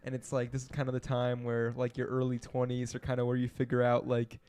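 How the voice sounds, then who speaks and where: A man in his twenties, a podcast guest, talking in an animated, rambling way and laughing often in casual chat. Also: medium pitch, fast, smooth.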